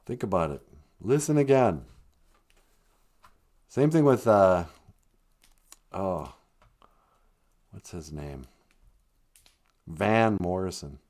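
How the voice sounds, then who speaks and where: Slow, animated joking man. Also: sits low. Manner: rambling, opinionated, joking. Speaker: podcast host. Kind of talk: casual comedic chat.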